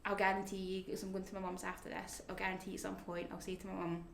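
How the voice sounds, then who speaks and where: Woman talking things through slow and halting, pretty flat even voice, roomy echo with a little hiss behind. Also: medium pitch, vocal fry. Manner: reflective and halting, often drifting to a near-whisper. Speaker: family carer. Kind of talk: candid personal interview. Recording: echoey room, faint background noise.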